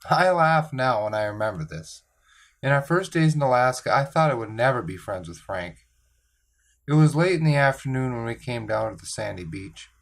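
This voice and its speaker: A man reads a chapter of a children's novel aloud, unhurried and even. His voice sits at an ordinary middle pitch, and he tells the story in a plain, measured way without theatrics. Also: creaky. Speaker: audiobook reader. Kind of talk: scripted narration of a children's novel.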